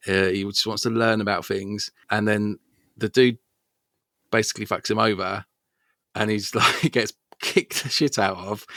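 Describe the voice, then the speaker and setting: A man co-hosting a casual podcast, rambling excitedly about films and laughing often. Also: lowish voice, no echo, studio quality. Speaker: podcast co-host. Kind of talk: casual chat. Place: home podcast setup.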